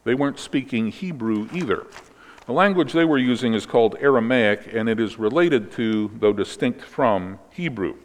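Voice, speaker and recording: A man preaching, calmly explaining scripture and closing in prayer. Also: medium pitch, normal speed, in a large hall. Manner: explanatory teaching, ends in prayer. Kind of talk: sermon.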